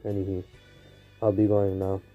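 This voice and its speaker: A man voicing a listless, depressed teenage boy ninja in a fan story, in a flat and weary way, with soft faint music behind. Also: deep voice, moderate pace, phone-quality sound, lightly acted.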